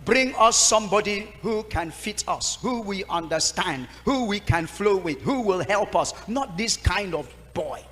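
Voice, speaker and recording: A man's voice: extremely high pitch, sing-song, brisk, few pauses, voice pushed up. A man voicing an indignant middle-aged church choir mistress, speaking in a scolding, dismissive way. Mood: scornful. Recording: long reverb with faint noise.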